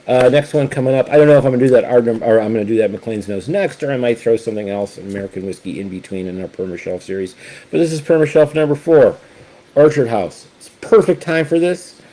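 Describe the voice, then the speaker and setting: A man casually reviewing a whisky, talking in a halting, enthusiastic way with many fillers and restarts. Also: mid-range voice, animated, mellow.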